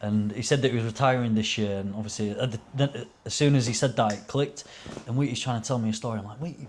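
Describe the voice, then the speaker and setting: A young man tells his stories in loose, rambling chat, swearing freely and jumping into higher voices when he quotes people. His pitch sits in the middle range, and a faint background hiss runs under the recording. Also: steady tone, quick pace, a little mellow. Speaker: podcast guest, racing driver. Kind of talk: casual storytelling chat.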